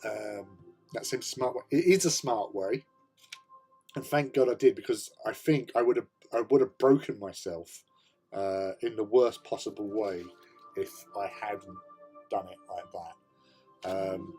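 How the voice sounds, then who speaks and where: A man's voice: lowish voice, a little slow, mellow, soft background music. A man hosting a casual hobby livestream, chatting while he paints miniatures, joking and laughing often as he greets viewers. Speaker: livestream host.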